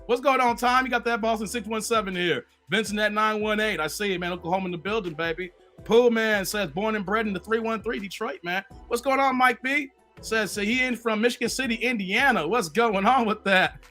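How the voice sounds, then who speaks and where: Playful high-voiced man on live stream. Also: fairly quick, sharp tone, soft background music. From Chicago. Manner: playful, laughs often, reads viewer comments aloud. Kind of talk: casual live stream chat.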